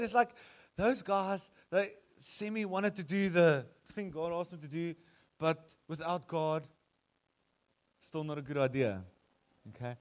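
A South African man preaching in a casual, animated sermon. His voice sits a little high for a man, and he slips into quoted voices as he tells the story. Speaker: pastor.

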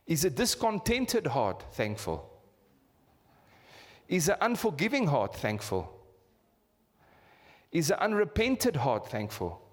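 A South African man in his fifties preaches in a church hall with a long, ringing reverb. His voice sits fairly high and swings widely as he fires repeated rhetorical questions at the congregation. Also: wildly swooping pitch, takes it slowly, pauses often. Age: 50s. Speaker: pastor. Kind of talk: sermon.

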